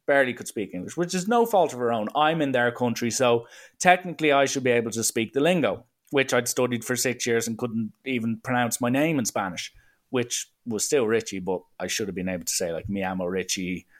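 An Irish man tells a story at a plain middle pitch, casual and animated. He sounds exasperated and mocking, and swears now and then as he rants. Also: a little fast. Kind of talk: casual anecdotal rant.

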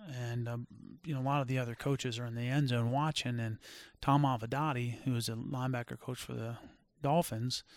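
A middle-aged former football player telling stories in a casual chat, animated and full of fillers. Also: male voice, medium pitch, dry recording. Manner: animated storyteller with many fillers. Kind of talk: casual storytelling.

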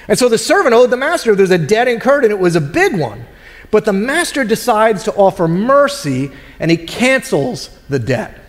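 A man's voice: very high-pitched, in a large hall. A man preaching a sermon in a conversational way, acting out the voices of people in the story. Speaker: pastor.

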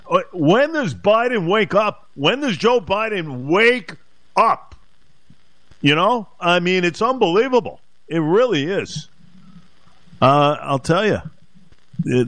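A man hosting talk radio in a fairly high voice, pressing his points with emphatic, indignant repetition. The sound is close and dry, with no room around it. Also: no echo. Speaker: radio talk show host.

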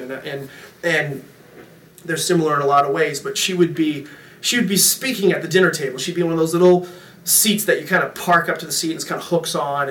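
A middle-aged man preaching a sermon as pastor, telling family stories in a joking, animated way. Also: fairly high pitch, a little hiss or hum. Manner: storytelling, jokey, animated with impressions. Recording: echoey room, mic from a distance.

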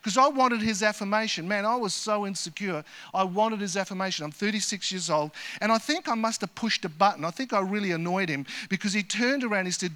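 Fifty-something guy preaching in a church, high ringing voice, gets loud then drops soft for stories. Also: fairly quick. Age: 50s. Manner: emphatic, swings from loud rallying calls to quiet storytelling. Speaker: guest preacher. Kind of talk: sermon.

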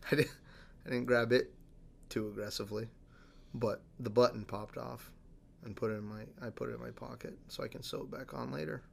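A man's voice: medium pitch, fairly even intonation, moderate pace, creaky, long pauses, slight background noise. Give me a man co-hosting a podcast, rambling and restarting as he retells a story. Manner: rambling, many fillers and restarts. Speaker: podcast co-host. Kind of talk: casual chat, reading a news story.

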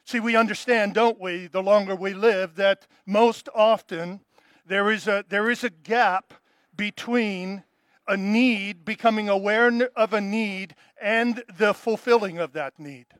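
A male pastor preaching a sermon in an emphatic style. He repeats his key phrases and drops to a soft, low tone to stress them. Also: a little slow, no room sound.

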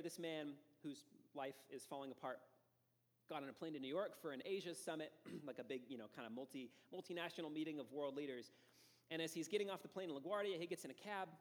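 A man preaching a sermon as pastor, telling a story in a relaxed, conversational way with frequent fillers. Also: on the high side, big-room sound.

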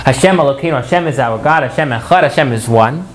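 A man's voice: medium pitch, quick pace, slight background noise. A man teaching a Torah class, often repeating words as he starts and putting questions to his listeners.

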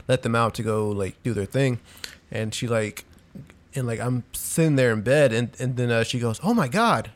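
A young man chatting casually on a podcast, telling a long story full of "like" and "dude". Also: mid-range voice. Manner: rambling storyteller, heavy use of "like" and "dude". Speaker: podcast co-host. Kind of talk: casual chat.

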